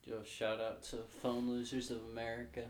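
A man's voice: medium pitch, monotone, normal speed, crowd noise. A man hosting a casual podcast chat, laid-back and tired, with many fillers. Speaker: podcast host. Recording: echoey room with faint noise.

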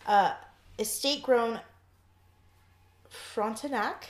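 A woman's voice: on the high side, takes it slowly, long pauses. A woman talks casually through a wine tasting, stumbling over grape names and laughing at herself. Her voice carries a roomy echo. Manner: chatty, self-deprecating, stumbles over wine terms. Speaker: wine taster.

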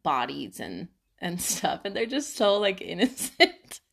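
A woman's voice: fairly low pitch, sing-song, a little slow, gravelly, fairly bright tone, breathy edge. A young woman co-hosting a podcast, chatting casually and reading listener stories, giggling often and filling her talk with "like". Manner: giggly, lots of "like" fillers. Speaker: podcast co-host.

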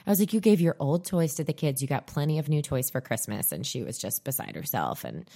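A woman's voice: very deep voice, very animated, a little fast, vocal fry, warm tone. A woman in her thirties co-hosting a podcast, telling stories in a dry, self-mocking casual chat. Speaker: podcast co-host.

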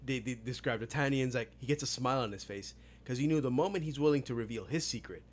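A man's voice: mid-range voice, quick pace. A man co-hosting a book podcast, casually retelling scenes and acting out characters' lines. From New York. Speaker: podcast co-host.

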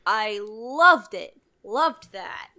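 A woman co-host chatting casually about a movie. Her voice sits high and sounds bright, and she talks animatedly, slipping into quick voices to act out scenes. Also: expressive. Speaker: podcast co-host.

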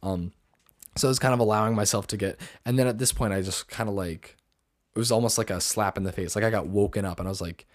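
A man's voice: on the low side, fairly even intonation, quick pace, no room sound, clean studio sound. A young man hosting a podcast, chatting casually and rambling, with lots of fillers. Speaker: podcast host. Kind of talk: casual chat.

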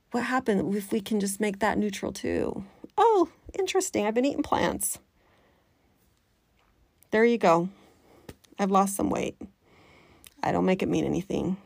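A woman life coach, talking to her listeners in a chatty, animated way and slipping into the voice of her inner critic. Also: mid-range voice, creaky, no room sound, clean studio sound. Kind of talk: coaching podcast talk.

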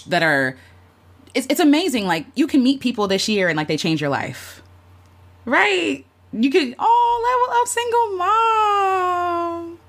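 Emotional woman hosting a casual livestream. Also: medium pitch. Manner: heartfelt, talks openly with lots of fillers and "like"; greets and thanks viewers in the chat by name. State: emotional, near tears at times. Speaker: content creator hosting a livestream. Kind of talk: casual live-stream chat reflecting on the year.

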